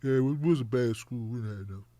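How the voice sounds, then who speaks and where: A man's voice: medium pitch, fairly quick, mellow, no echo, studio quality, pitched below the performer's own voice, close to an everyday voice. A man voicing a defeated poor man who blames himself, mumbling and sheepish in his speech. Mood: self-pitying. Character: self-blaming poor man, meek and defeated.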